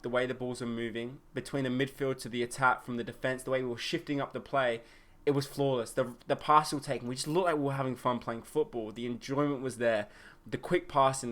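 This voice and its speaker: A young man hosting a solo football podcast, excitable and opinionated, with plenty of fillers. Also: mid-range voice. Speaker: podcast host. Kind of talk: solo football match review.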